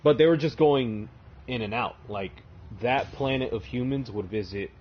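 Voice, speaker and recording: A gaming streamer with a mid-range voice speaks at a moderate pace, casually retelling game lore as he plays. His telling is rambling and full of swearing, and the lo-fi audio carries a little hiss or hum.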